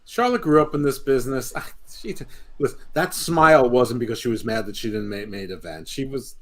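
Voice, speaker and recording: A man's voice: medium pitch, expressive, brisk. A man in casual podcast chat, ranting with strong opinions about a wrestling show. He stammers, restarts his sentences and rambles on at length. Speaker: podcast co-host, wrestling pundit.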